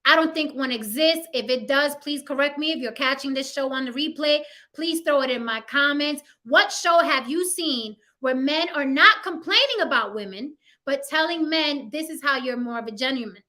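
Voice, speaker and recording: A woman's voice: high-pitched, moderate pace, bright, forceful tone. A woman hosting a casual talk show, speaking bluntly and swearing freely. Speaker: host. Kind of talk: casual chat.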